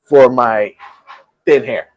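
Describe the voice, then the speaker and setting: A man's voice: mid-range voice, no echo. A man hosting a casual morning show from a taco restaurant, telling stories and laughing often. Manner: animated, laughs often, quick storytelling. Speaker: host.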